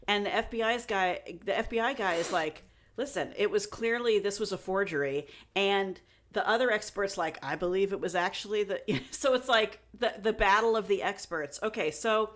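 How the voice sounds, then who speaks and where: A woman co-hosting a chatty podcast, her voice sitting in an ordinary middle range. She tells the story casually and slips into quick impressions of the people she describes. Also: medium pitch. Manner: animated, acts out quoted people in put-on voices. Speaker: podcast co-host.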